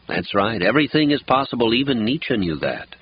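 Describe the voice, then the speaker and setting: A man reading an audiobook voices a calm, stern, big-bodied male friend with an unhurried, dry, teasing manner. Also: medium pitch, a little hiss or hum, natural voice. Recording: dull lo-fi audiobook recording.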